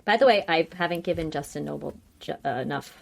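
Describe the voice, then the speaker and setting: A low, gravelly-voiced woman talks through a TV episode in a casual podcast chat. She keeps the story moving, slipping into short, animated impressions of each character. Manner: animated retelling, acts out characters' lines in quick voices. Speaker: podcast co-host recapping a TV episode.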